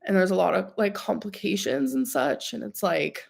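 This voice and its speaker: A woman's voice: medium pitch, animated, normal speed, creaky, slightly rough. A young woman, a live streamer, chatting casually with viewers in a rambling, filler-heavy way while sick. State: sick with a cold-like illness.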